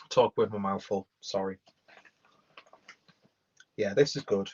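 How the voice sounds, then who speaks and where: A man's voice: fairly low pitch, fairly even intonation, slow, long pauses, husky. A young man giving a rambling, sweary, casual live-stream beer review, talking while chewing. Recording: dull lo-fi stream audio.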